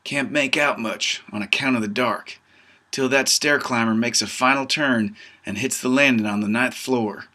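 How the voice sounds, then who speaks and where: Folksy bright-voiced male storyteller. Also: medium pitch, moderate pace. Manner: folksy drawling dialect, tough-guy storyteller. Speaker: author reading his novel. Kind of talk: first-person audiobook narration.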